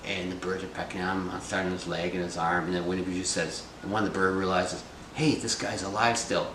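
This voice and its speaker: Man, casual storyteller, chatty and loose, lowish voice, roomy echo, faint background noise. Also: completely flat delivery, fast talker, recorded from a distance. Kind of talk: casual storytelling of a folk tale.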